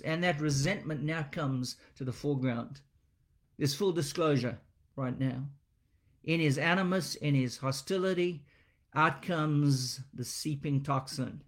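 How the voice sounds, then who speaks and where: A man preaching an expository sermon, speaking with deliberate emphasis and dramatic pauses. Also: fairly high pitch.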